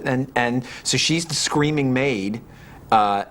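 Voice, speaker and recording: A man with an American accent, an actor in a making-of interview, joking and animated, with mock grandeur. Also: medium pitch, slow pace.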